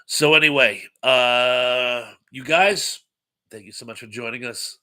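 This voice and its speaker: A man's voice: mid-range voice, slow pace, sharp tone. A man hosting a casual live-stream chat, stuffed up with congestion, rambling and reading viewer comments aloud.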